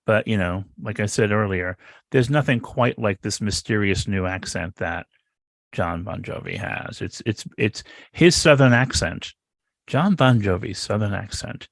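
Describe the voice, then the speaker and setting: A man's voice: fairly low pitch, expressive, a little slow, vocal fry, no echo. Male podcast co-host, dry close sound, wry and rambling delivery. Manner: sardonic, rambling with repeats. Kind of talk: casual podcast chat.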